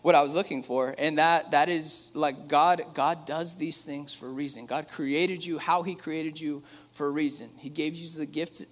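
A man preaching a sermon in a casual, conversational way, with joking asides to the room. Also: a little high. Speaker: pastor. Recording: long hall reverb.

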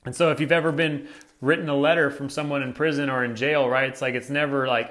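A man's voice: medium pitch, fairly even intonation, quick pace, a bit bright. A young man preaching a casual, conversational sermon as a pastor, often tossing in "right?" and "like" while telling stories to his congregation.

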